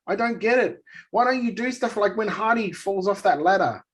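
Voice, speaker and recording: A man co-hosting a wrestling podcast, ranting in an animated, exasperated way during casual chat. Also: high voice, moderate pace. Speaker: podcast co-host.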